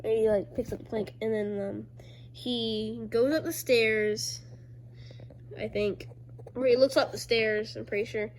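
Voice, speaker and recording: A woman casually walking through her own homemade comics, rambling and full of fillers, now and then bursting into loud high character voices. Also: fairly even intonation, a little slow, a little hiss or hum. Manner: rambling, filler-heavy, loose storytelling. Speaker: creator reading own comics. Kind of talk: casual chat.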